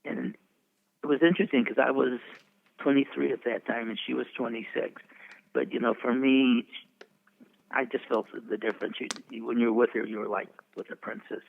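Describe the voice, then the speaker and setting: Gravelly old man on a tinny line. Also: mid-range voice, fairly even intonation, normal speed. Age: 80s. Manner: chuckling, rambling storyteller. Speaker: veteran publicist guest. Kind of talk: anecdotal interview storytelling.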